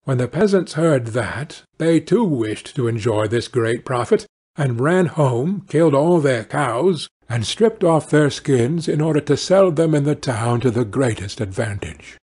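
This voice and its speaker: A man narrating a fairy-tale audiobook for English learners in a slow, deliberate way. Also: mid-range voice, expressive, darkish tone, husky.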